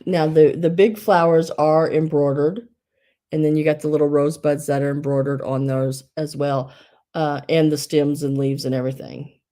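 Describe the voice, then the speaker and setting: A woman's voice: low voice, little pitch movement, normal speed, warm tone. Giggly chatty woman. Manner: chatty, giggly, restarts often. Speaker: host of a live online sale. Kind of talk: casual live sale chat.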